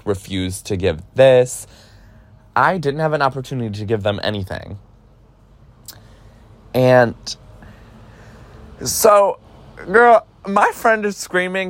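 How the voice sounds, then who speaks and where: A young man in his twenties tells a personal story in a loose vlog style. He talks in an animated way, with many fillers and curses, and acts out the voices of the people in his story. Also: mid-range voice, dry recording. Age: 20s. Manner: animated, lots of fillers and swearing, acts out quotes. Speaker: vlogger. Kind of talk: casual storytelling.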